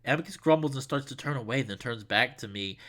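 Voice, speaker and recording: A man reading a visual novel aloud, animated and easily flustered, stumbling over a character's name. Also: mid-range voice, fast. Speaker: game reader.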